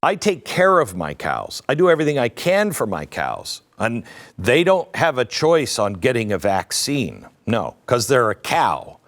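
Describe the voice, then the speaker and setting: Male talk-show host, slow delivery with a lot of pitch swing, sarcastic political commentary. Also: huge pitch swings. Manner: sarcastic, mocking asides.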